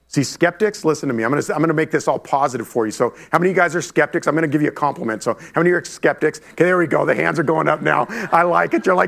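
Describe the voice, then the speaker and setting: Middle-aged male pastor, gravelly and slightly high, lively preaching with direct asides to the room. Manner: animated, talks straight to the congregation with quick asides. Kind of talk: lively sermon. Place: church before a congregation.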